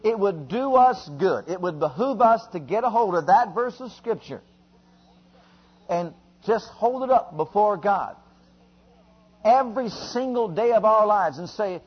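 A man's voice: high voice, expressive, a little slow, breathy edge, dull audio. A man preaching a sermon, emphatic and repetitive, leading the congregation in call-and-response.

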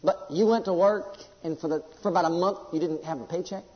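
A man's voice: high voice, brisk. A man preaching a sermon, emphatic and storytelling, telling personal stories to a congregation. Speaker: pastor. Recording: echoey hall, dull lo-fi.

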